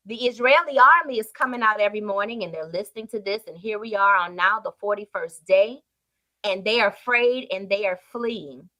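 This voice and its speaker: A woman preacher retelling a Bible story in a sermon with emphatic storytelling and sudden swings in loudness. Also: medium pitch, fairly quick.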